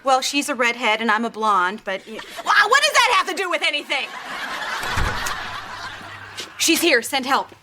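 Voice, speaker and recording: Actress doing a dramatic ditzy blonde, squeaky high, hiss behind. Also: female voice, fairly quick, lightly acted. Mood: flustered. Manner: breathless, dramatic. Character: ditzy, flustered blonde woman.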